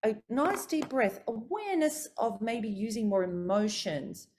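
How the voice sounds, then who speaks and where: A middle-aged woman vocal coach teaching a workshop, talking through voice warm-ups with expressive, demonstrative delivery. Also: unhurried. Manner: expressive, demonstrates pitch and articulation.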